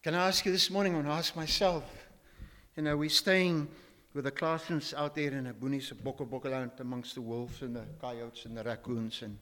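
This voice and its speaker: A man's voice: medium pitch, fairly even intonation, fairly quick, a bit bright, big-room sound. An older man preaching a sermon in a church, emphatic and full of rhetorical questions as he quotes scripture. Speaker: pastor.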